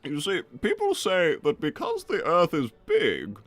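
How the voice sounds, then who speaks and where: A man's voice: wildly swooping pitch, measured pace, fairly bright tone, dry recording, soft background music, exaggerated voice. A man voicing a pompous, rambling older male squirrel king in a live improvised character roleplay. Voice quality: gravelly, wildly swooping pitch. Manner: pompous, rambling, easily distracted. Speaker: livestream character performer.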